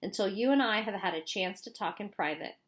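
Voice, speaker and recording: A woman reading an audiobook voices a short, fierce Hispanic female lawyer with a slight Mexican accent and trilled R's, talking in a forceful, indignant way. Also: mid-range voice, a little fast, close to an everyday voice.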